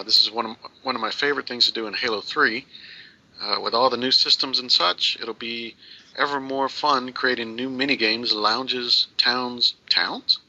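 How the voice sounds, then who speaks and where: A man's voice: medium pitch, sharp tone. A man co-hosting a gaming podcast, reading listener mail aloud with joking asides. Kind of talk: casual chat. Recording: dull lo-fi audio.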